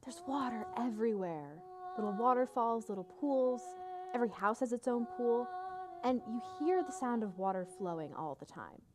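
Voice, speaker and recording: A woman's voice: mid-range voice, close to an everyday voice. An actress narrating on stage, describing a city and guiding the listener through it in a live theater performance, with music behind her. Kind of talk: theatrical storytelling. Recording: clear music under the voice.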